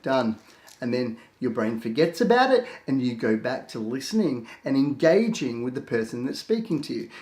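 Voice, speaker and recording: Energetic coach in an echoey room. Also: male voice, medium pitch. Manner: lively, acts out his own thoughts in quick asides. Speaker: productivity coach. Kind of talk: casual instructional talk to camera.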